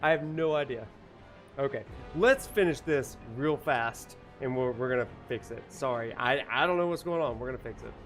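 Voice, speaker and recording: A man's voice: mid-range voice, animated, moderate pace, fairly bright tone, soft background music. A man, a university professor, lecturing casually while playing a video game, rambling with many fillers and joking about technical trouble. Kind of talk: casual lecture over gameplay.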